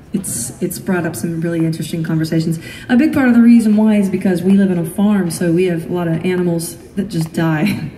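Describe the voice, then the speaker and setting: A woman's voice: fairly low pitch, warm tone. A woman in her thirties tells a story from the stage between songs, laughing often and poking fun at herself. Her voice carries through an echoey hall, caught from a distance. A crowd murmurs and reacts underneath. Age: 30s. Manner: laughing, self-deprecating humor. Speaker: singer-songwriter on stage. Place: live concert venue with audience. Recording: echoey live venue, distant mic, crowd noise.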